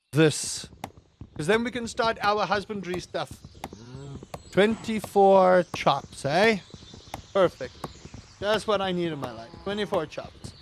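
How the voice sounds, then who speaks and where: A man's voice: fairly high pitch, slight background noise. A man giving playful, chatty let's-play commentary with jokey wordplay. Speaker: gaming host.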